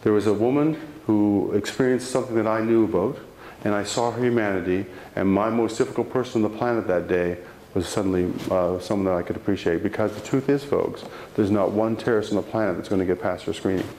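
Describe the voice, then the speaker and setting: Lively low-voiced male storyteller in hall. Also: quick pace. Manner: animated storyteller, acts out quotes, frequent restarts. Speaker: motivational speaker. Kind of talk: live motivational talk with personal storytelling. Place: room with a live audience. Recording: roomy hall sound, faint background noise.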